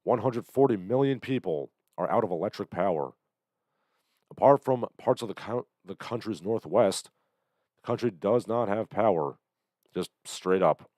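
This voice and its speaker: Low voiced guy on a livestream, sarcastic rambling about the news, lots of uhs, dry close mic, bit of a cough. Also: expressive, moderate pace, darkish tone, dry recording. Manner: sardonic, hesitant with many fillers. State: recovering from illness, coughing. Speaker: livestream host. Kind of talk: casual news commentary.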